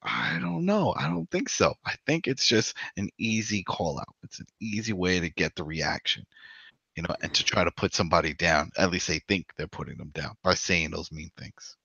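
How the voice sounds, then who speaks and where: A man co-hosting a podcast in casual discussion, rambling and animated, with frequent "you know". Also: sits low, normal speed, vocal fry, husky, dry recording. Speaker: podcast co-host. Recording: dull lo-fi dry sound.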